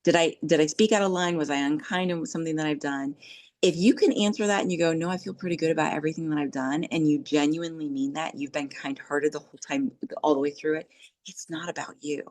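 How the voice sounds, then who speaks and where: On her podcast, a middle-aged woman talks fast in a low, steady, slightly mellow voice while giving earnest relationship advice. Her style is casual coaching, and she acts out dialogue when quoting people.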